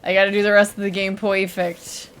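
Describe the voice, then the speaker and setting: A woman's voice: mid-range voice, flat delivery, fairly quick, clear, resonant tone. A woman streaming a video game, giving chatty, emotional, joking commentary. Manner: chatty, emotional, jokey reactions. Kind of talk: casual gameplay commentary.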